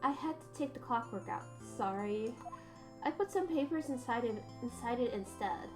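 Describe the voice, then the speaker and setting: A woman voicing a calm young lawyer who speaks gently and in a measured way to her little sister. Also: on the high side, lightly acted. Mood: gentle. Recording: game music behind.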